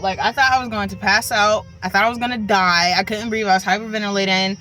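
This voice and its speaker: A woman's voice: mid-range voice, fairly even intonation, a little fast, hardly any pauses, bright, forceful tone, faint music behind, low-quality recording. A young woman casually telling a personal story, chatty and full of likes and ums. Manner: chatty, filler-heavy, with many likes and ums. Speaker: vlogger.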